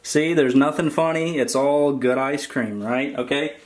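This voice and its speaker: A man chats casually through a grocery haul, wandering through his points with plenty of ums and uhs. His voice sits at an ordinary middle pitch. The room gives a noticeable echo, with a faint hiss behind him. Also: a little slow. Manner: rambling, filler-heavy, relaxed. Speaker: vlog co-host. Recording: roomy echo, faint noise.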